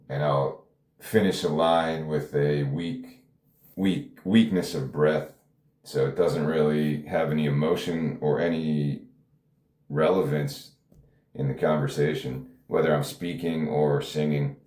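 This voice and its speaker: A man with an exceptionally deep, low voice talks alone on his podcast. He rambles off the cuff, running himself down and chuckling now and then. The sound carries the echo of a reverberant room. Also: darkish tone. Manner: rambling, self-deprecating, laughs often. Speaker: podcast host. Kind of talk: casual solo monologue.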